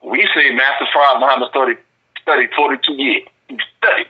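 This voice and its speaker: Husky man on a muffled phone line. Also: medium pitch, fairly quick. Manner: insistent, repeats words while building his point. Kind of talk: earnest religious explanation.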